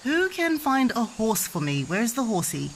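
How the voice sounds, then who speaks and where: A woman's voice: on the high side, sing-song, normal speed, a little hiss or hum, rough recording. A woman teaching her small child with toys, asking coaxing sing-song questions and acting out animal sounds. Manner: playfully acts out animal sounds and toy play. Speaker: parent teaching a toddler. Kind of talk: playful home lesson with toys.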